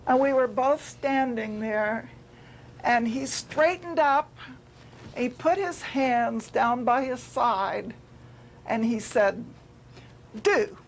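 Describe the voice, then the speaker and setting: A woman's voice: on the high side, slow pace, a little hiss or hum, low-quality recording. A woman telling a personal story at a spiritual retreat, heartfelt and repeating words for emphasis. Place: retreat gathering.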